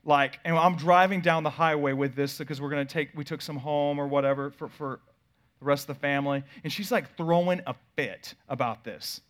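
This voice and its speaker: A pastor in his thirties telling a family story in a sermon, swinging from loud bursts to quiet asides. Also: on the high side, steady tone, fairly quick.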